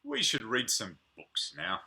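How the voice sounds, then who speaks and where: A man's voice: lowish voice, unhurried, slight background noise. A man leading a preschool playgroup on a livestream, talking playfully to young children and reading picture books. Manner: playful, animated, chatting to unseen children.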